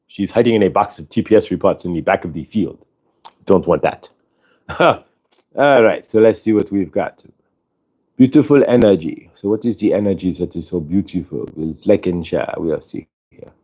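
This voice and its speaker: A man's voice: low-pitched, dark tone, breathy edge. A man hosting a spiritual livestream, speaking as a channeled collective "we" in a rambling, repetitive way and acting out everyday dialogue in quoted voices.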